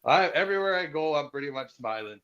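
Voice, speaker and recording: A man's voice: fairly high pitch, expressive, fast talker, fairly bright tone. A man talking as a guest on a chat show, easygoing and folksy, telling stories. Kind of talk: casual chat. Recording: dull lo-fi recording.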